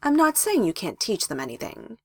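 Woman doing a chill old village chief, reasonable, husky, dry read. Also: on the low side, very animated, fast, dry recording. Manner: reasonable, cheerfully unapologetic. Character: calm older male village leader.

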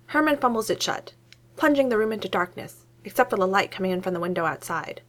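Female narrator, expressive storybook read with an animated melody. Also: mid-range voice, quick pace. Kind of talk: storytelling reading.

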